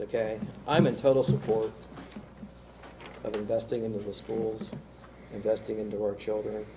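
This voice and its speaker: A man's voice: lowish voice, gravelly, mellow, rough recording. A man on a city council giving earnest, rambling praise at a public meeting, growing emotional. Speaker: council member. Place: council chamber. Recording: faint room noise, council meeting.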